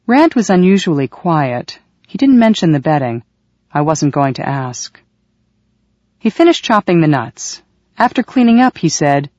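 A woman's voice: low-pitched, very animated, measured pace, darkish tone, dry recording. Woman reading a first-person novel, mid voice, dwells on sensations, dry and kinda muffled. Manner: vivid, lingering on sensations. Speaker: audiobook narrator.

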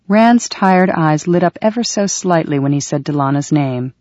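A woman's voice: sits low, expressive, normal speed, few pauses, darkish tone, no room sound, dull audio. A woman reading a first-person novel aloud, lingering vividly on sensations and feelings. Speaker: audiobook narrator.

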